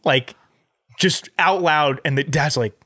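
A man co-hosting a podcast, telling stories quickly in casual chat, often laughing. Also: on the high side, dry recording, studio quality. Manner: fast, animated storytelling with laughter.

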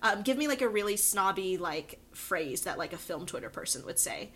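A woman co-hosting a podcast in casual chat, laughing often and filling pauses with ums. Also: mid-range voice, expressive, fairly bright tone, husky. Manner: giggly, lots of ums and laughs. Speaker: podcast co-host.

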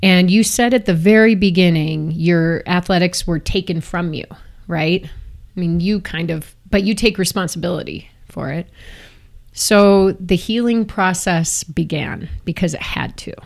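A woman hosting a podcast interview, enthusiastic and quick to laugh. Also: on the low side, vocal fry. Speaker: podcast host. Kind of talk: casual interview.

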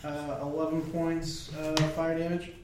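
A man's voice: on the high side, flat delivery, normal speed. A man playing a tabletop game, talking hesitantly and casually with many fillers. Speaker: player. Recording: echoey, distant, with clear noise.

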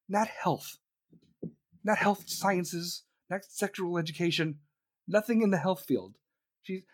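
A man ranting heatedly in a profane, mocking comedic tirade. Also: high voice. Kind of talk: profane comedic political rant.

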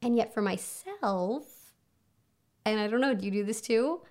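A woman's voice: fairly high pitch, animated, unhurried, darkish tone. Chatty woman rambling through her home podcast, lots of "like"s, laughs at herself. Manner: chatty, lots of fillers and self-mocking laughs. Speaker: podcast host. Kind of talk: casual solo podcast monologue. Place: home under a flight path, planes overhead.

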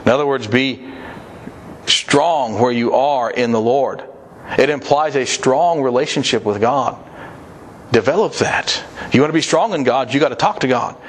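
Male preacher, middle pitch, earnest exhortation, faint hiss behind. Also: moderate pace. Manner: earnest, repetitive exhortation with scripture readings. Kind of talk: sermon.

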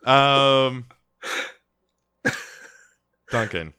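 A man's voice: medium pitch, extremely slow, bright, forceful tone, clear, resonant tone. A man co-hosting a podcast in casual chat, recapping scenes with many fillers and dry humor. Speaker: podcast co-host.

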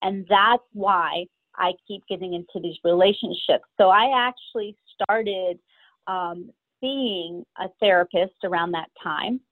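A middle-aged woman telling her own story as an interview guest, hesitant and pausing often between her thoughts. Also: mid-range voice, no echo. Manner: hesitant, many pauses and fillers. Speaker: guest sharing personal story. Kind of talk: candid personal storytelling. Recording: tinny phone-like line, dry.

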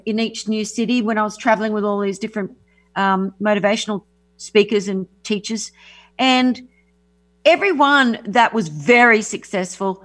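A woman with a mid-range, slightly bright voice is a guest on a radio talk show, a casual interview. She's an affirmation music artist who speaks enthusiastically about her music and her teachers, frequently restarting her sentences.

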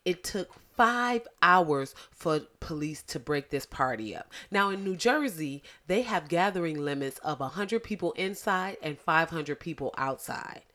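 Blunt, animated woman with a lisp. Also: lowish voice, unhurried, hardly any pauses. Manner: animated, blunt and profane, addressing listeners as y'all. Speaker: podcast host. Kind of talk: casual podcast commentary.

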